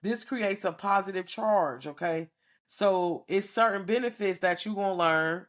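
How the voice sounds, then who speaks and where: A woman's voice: medium pitch, a little slow. A woman hosting a podcast, talking frankly and profanely to her listeners in a casual preachy monologue, often checking in with them. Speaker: podcast host teaching a class.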